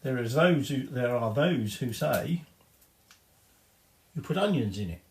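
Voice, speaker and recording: A man's voice: medium pitch, animated, a little slow, long pauses, echoey room. A man giving a casual cooking demonstration in his home kitchen, chatty and rambling, with cheeky swearing. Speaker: home cook.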